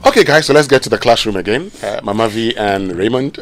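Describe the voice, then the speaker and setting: A man with a Ghanaian English accent co-hosting a morning radio talk show, arguing emphatically and spelling words out slowly for a pronunciation segment. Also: fairly low pitch, lively intonation. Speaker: radio co-host.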